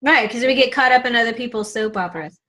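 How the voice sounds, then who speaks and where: A woman's voice: a little high, fast talker, a bit bright. A woman hosting a podcast as a career coach, explaining ideas to her guest in a reflective, conversational way. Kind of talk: casual interview chat.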